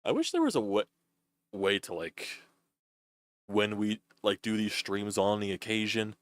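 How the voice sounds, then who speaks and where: A man's voice: on the low side, very animated, a little slow, no echo, clean studio sound. A young man doing loose, chatty play-by-play on a live stream, swearing freely as he calls a baseball game.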